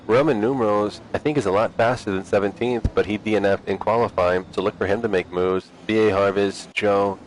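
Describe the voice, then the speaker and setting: Low-voiced man commentating sim racing. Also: fairly quick, few pauses, a little hiss or hum. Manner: relaxed, chatty, teasing. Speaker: race commentator.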